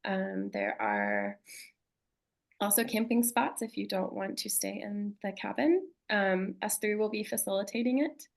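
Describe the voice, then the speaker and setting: Woman on a video call losing her voice a bit, gravelly, lots of ums. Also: medium pitch, sing-song, rough recording. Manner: halting, many ums. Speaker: retreat co-facilitator. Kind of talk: webinar presentation.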